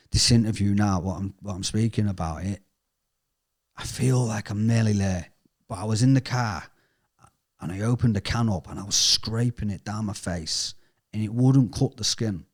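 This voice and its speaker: Low-voiced man telling a raw story. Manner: halting, raw and emotional, often trailing off quietly. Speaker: interviewee sharing a recovery story. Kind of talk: candid personal testimony.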